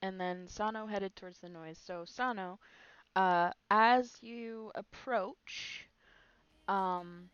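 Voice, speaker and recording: A woman's voice: medium pitch, fairly even intonation, slow, fairly bright tone, smooth, dry recording, muffled recording. A woman narrating as game master of a live-streamed tabletop game, chatty with frequent fillers. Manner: chatty, uses many fillers.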